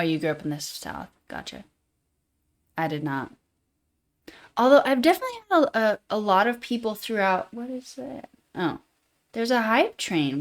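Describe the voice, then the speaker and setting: A woman with a Utah accent hosting a livestream, chatting casually in a fairly monotone way and reading chat comments aloud. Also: medium pitch. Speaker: livestream host.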